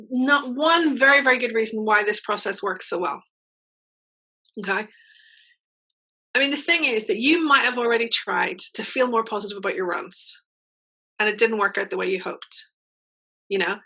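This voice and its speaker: Upbeat woman coach, bright and slightly high voice, chatty workshop delivery. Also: moderate pace, long pauses, low-quality recording. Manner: upbeat, chatty, frequent check-ins with listeners. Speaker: mental game coach. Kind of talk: online workshop teaching.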